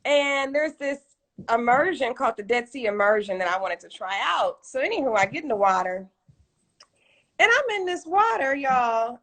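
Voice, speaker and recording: A woman from Detroit, a guest on an interview, telling a story in an animated way and acting out the voices of the people in it over a video call. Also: high-pitched, normal speed, creaky. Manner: animated, acts out voices in her stories. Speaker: guest entrepreneur.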